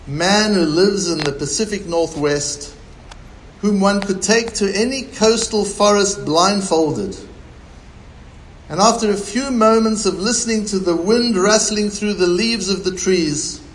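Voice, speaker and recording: A man with a high voice preaches at an unhurried pace. He speaks as a rabbi, building his points through a string of rhetorical questions. His delivery stays measured and deliberate, with a faint hiss behind him. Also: low-quality recording. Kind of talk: sermon.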